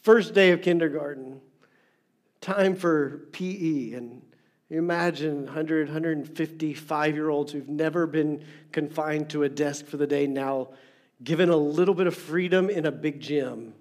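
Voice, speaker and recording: A middle-aged man preaches with a voice set a little high for a man. He leans hard into repeated phrases for emphasis. His delivery swings between loud, stressed lines and hushed, near-whispered ones. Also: unhurried. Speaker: pastor. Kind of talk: sermon.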